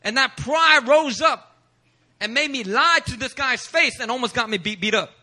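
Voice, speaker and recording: A man's voice: extremely high pitch, moderate pace. A male pastor from Philadelphia preaching a sermon in a church service, telling a personal story with humor and acting out quotes. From Philadelphia, USA. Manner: animated, humorous, acts out quotes.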